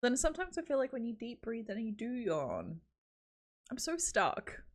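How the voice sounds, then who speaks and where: A woman's voice: fairly high pitch, very animated, normal speed. A young Australian woman streaming live, chatting casually in a rambling, giggly way with lots of "like". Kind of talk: casual chat.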